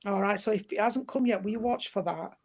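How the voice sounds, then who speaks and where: Woman medium, warm-toned chatter, endearments throughout, mid pitch. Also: brisk. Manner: gentle, chatty, full of endearments like sweetheart and darling. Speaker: spiritualist medium. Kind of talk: giving a spirit reading.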